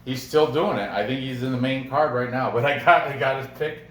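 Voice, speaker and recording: With a medium-pitched, slightly bright voice and a somewhat quick pace, this betting-picks host rambles through casual commentary, correcting himself and laughing frequently. He's recorded from a distance in a roomy space, with some faint background noise.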